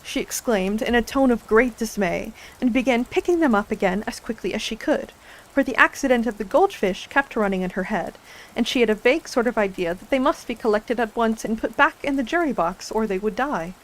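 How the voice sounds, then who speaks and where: A woman streamer narrating a storybook in a soft, unhurried ASMR reading voice. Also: on the high side, expressive, rough recording.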